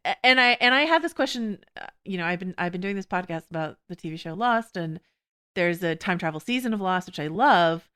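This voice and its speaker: A woman hosting a podcast, talking quickly and casually, full of fillers and laughs. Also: fairly low pitch, animated, bright, forceful tone, smooth. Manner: quick, chatty, full of "you know" and laughs. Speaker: podcast host. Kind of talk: casual TV discussion chat.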